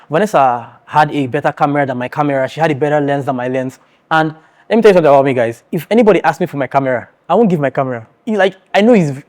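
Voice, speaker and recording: This young Nigerian vlogger's voice is on the high side with a darkish tone. Talking straight to his viewers, he shares his life story in an earnest, emotional storytime vlog.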